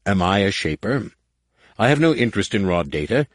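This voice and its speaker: A man voicing a stern, menacing alien male war master with a rasping, growling delivery. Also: fairly low pitch, sing-song, a little fast, no echo, studio quality, voice pushed up. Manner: curt, threatening.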